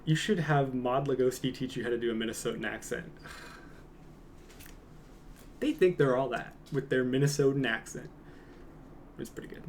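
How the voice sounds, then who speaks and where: A man's voice: mid-range voice, moderate pace, long pauses, slight background noise. A young man, a streamer, chatting casually and reading comments aloud with a joking, rambling manner that trails off into mumbles.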